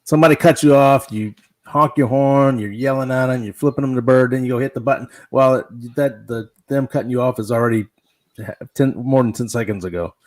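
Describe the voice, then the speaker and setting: A man's voice: mid-range voice, a little fast, darkish tone, dry recording. A man who runs his own dash cam show, chatting casually and explaining gear step by step in a matter-of-fact way. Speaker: fellow dash cam channel host. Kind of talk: casual chat.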